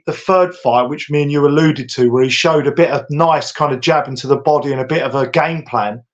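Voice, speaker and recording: A British man co-hosting a casual chat, talking in an animated way with many restarts. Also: a little high. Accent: British English. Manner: animated, acts out quotes with lots of restarts. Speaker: podcast co-host. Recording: dull lo-fi audio.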